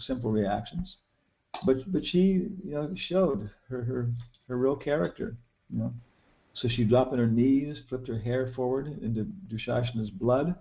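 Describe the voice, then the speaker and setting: A man's voice: medium pitch, vocal fry. An older man giving a casual scripture class, retelling an epic story and film scenes in a rambling way, full of restarts and fillers. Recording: dull lo-fi recording.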